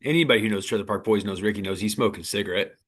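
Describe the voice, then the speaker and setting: A man's voice: lowish voice, rapid-fire, a bit bright. A man co-hosting a casual podcast with blunt, dry quips. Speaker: podcast co-host.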